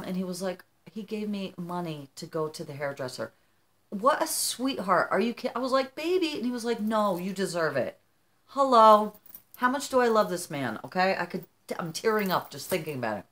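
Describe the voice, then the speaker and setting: Chatty grandmother in her fifties, low voice. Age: 50s. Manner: chatty, animated, addresses viewers as "you guys". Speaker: vlogger. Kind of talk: casual chat to camera. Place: her home.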